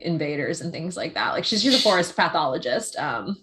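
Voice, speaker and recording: A woman chatting as a podcast guest and telling family stories with animated delivery and frequent laughter. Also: fairly low pitch, brisk, soft background music. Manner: animated storyteller, laughs often. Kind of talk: casual chat.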